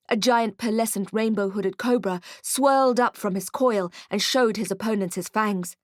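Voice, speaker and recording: A woman reading an audiobook in first person with wry, expressive storytelling. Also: medium pitch, normal speed, few pauses, dry recording, studio quality. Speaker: audiobook narrator. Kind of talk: scripted first-person narration.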